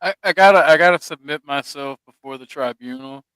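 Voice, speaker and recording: A man's voice: fairly high pitch, brisk, fairly bright tone, clear, resonant tone, dry recording, poor audio. A man in casual livestream chat, blunt and sheepish, laughing while he confesses.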